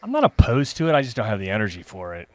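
A man's voice: on the low side, huge pitch swings, very fast. A man co-hosting a podcast in casual chat, giving short, dry, laid-back replies. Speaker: podcast co-host.

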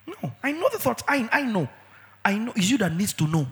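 A male pastor preaching with emphatic swings, bursting into shouts and stretching words slowly for weight. His voice sits high and rings bright, with a very animated pitch. It echoes with the long reverb of a church hall. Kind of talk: sermon.

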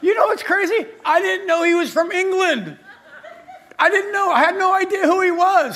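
A middle-aged male pastor preaching a sermon, telling a story with lively energy and acting out the voices of the people in it. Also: very high voice, moderate pace, a little hiss or hum.

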